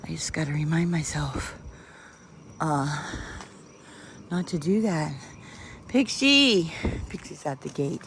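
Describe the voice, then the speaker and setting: A woman's voice: deep voice, slow pace, pauses often, slight background noise. A woman, chatting casually and rambling as she does yard work outdoors, holding the camera close to her face. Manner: chatty, rambling, laughs often. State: out of breath at times. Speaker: vlogger. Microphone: handheld camera close to face.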